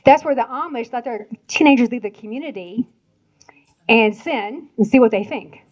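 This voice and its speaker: In a dull, lo-fi recording, an older woman from Indiana gives a church talk at a moderate pace. Her voice sits fairly high, and she chats animatedly, frequently tossing in laughing asides.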